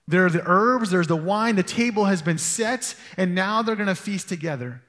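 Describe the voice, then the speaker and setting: A man's voice: high-pitched, fairly bright tone, in a large hall. A man preaching a sermon as pastor, telling stories in a loose, conversational way. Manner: conversational storytelling with asides. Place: church hall.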